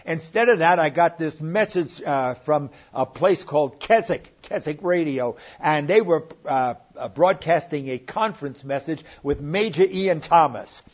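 Older guy preaching online, earnest and plain, kinda high voice, muffled lo-fi audio. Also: expressive, measured pace, hardly any pauses. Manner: earnest, plainspoken preaching with sudden rises in loudness. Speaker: pastor. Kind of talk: sermon. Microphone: online sermon recording. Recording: muffled lo-fi recording.

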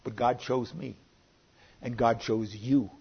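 Earnest older preacher, muffled lo-fi sound. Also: male voice, medium pitch, fairly even intonation, takes it slowly, vocal fry, breathy edge. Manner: earnest, plainspoken preaching with sudden rises in loudness. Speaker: pastor. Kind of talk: sermon. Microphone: online sermon recording. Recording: muffled lo-fi recording.

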